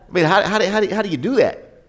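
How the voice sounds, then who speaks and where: A man's voice: high-pitched, lively intonation, fast talker. A male pastor delivers a sermon in a slightly raised voice, retelling the story as if chatting with the congregation. He tosses out rhetorical questions, stumbles and restarts, and keeps the tone loose and conversational.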